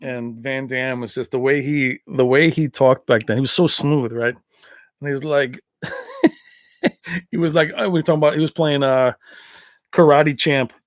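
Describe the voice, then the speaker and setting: A man's voice: mid-range voice, steady tone, moderate pace, no room sound, studio quality. A man hosting a casual livestream chat, rambling from point to point and laughing often. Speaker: livestream host.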